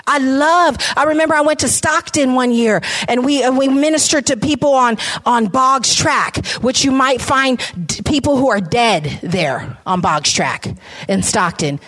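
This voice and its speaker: A middle-aged woman, founder of a ministry, gives a passionate faith testimony to an audience in a high-pitched, unhurried, somewhat bright voice. She often repeats phrases for emphasis.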